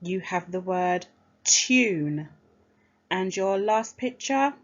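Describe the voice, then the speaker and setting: A woman teacher giving a phonics lesson to young children, speaking clearly and encouragingly and sounding out each word. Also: on the low side, lively intonation, slow pace, muffled recording.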